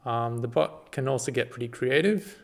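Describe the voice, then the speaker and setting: A man casually walks through a screen-recorded tutorial, relaxed and halting, with lots of ums and restarts. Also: medium pitch, vocal fry. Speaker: party volunteer giving a tutorial.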